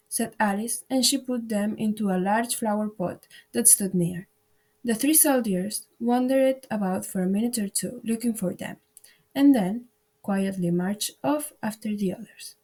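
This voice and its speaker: A woman's voice: medium pitch, normal speed, warm tone. Woman narrating a classic storybook. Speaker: audiobook narrator. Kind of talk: scripted audiobook narration.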